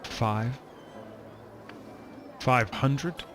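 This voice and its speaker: A man's voice: medium pitch, drawn-out words, music in the background. A man voicing a stern ship captain who is curt and cold, and only wants gold.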